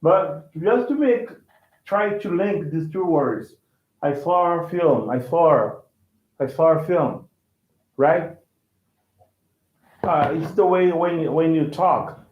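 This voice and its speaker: A man's voice: on the high side, lively intonation, slow, long pauses. A man, teaching an online English class, who repeats and restarts phrases and keeps checking with "right?". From Brazil. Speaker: language teacher. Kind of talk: casual online lesson. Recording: echoey, tinny phone-like line.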